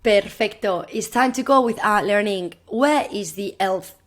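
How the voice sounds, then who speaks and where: Encouraging woman teaching a lesson. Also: mid-range voice. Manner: encouraging, repeats phrases slowly for pupils to echo. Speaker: primary Spanish teacher. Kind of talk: recorded classroom video lesson.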